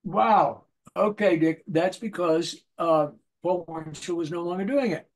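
This older man's voice sits high and moves at a measured pace. As a voice actor guest in a casual interview, he spins stories energetically and acts out little voices within them.

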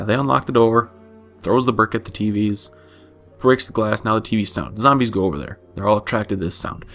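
A man's voice: lowish voice, gravelly. A man giving a casual, flippant game recap, rambling and swearing, correcting himself as he goes.

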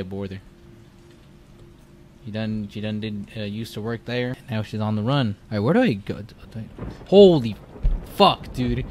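A man's voice: fairly low pitch, darkish tone, a little hiss or hum. A young man giving casual let's-play commentary, jumpy and profane, rambling through his reactions. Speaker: gamer.

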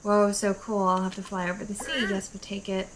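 A woman's voice: medium pitch, completely flat delivery, a little fast, noisy background, close to an everyday voice. A woman voicing a kindly old male sailor in a game, reading his lines in her own voice.

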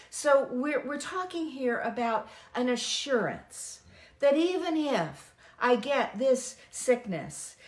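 Lively high-voiced woman, spiritual talk. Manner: lively and earnest, addresses listeners as friends. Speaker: poet and spiritual director. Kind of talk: conversational devotional talk. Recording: roomy echo.

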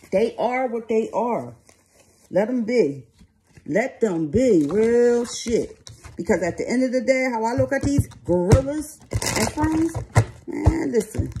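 A woman's voice: a little high, background noise. A woman giving a casual tarot reading to her viewers, talking bluntly and swearing freely. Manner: blunt, profane, streetwise talk. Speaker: tarot reader.

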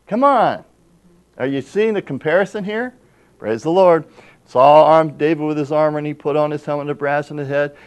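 A man's voice: fairly high pitch, lively intonation, moderate pace. Emphatic male pastor preaching. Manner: reads scripture aloud and addresses the congregation; emphatic, with rhetorical questions. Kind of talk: sermon.

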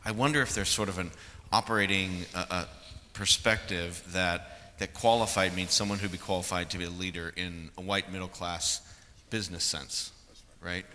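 A man's voice: deep voice, steady tone, normal speed, bright, forceful tone. A panelist, a man who speaks hesitantly and searches for his words. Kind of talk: panel discussion. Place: large conference hall. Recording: reverberant hall with faint noise.

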